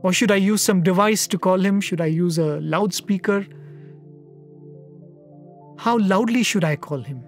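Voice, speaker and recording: A man giving a devotional storytelling talk, earnest and reflective, with soft hesitations. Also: high voice, measured pace, pauses often, soft background music. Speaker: satsang speaker.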